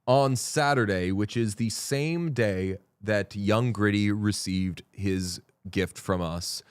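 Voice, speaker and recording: A man's voice: lowish voice, takes it slowly, clean tone, dry recording, studio quality. A man hosting a casual sports podcast chat, rambling and correcting himself as he jokes around. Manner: rambling, self-correcting, jokey. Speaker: podcast host.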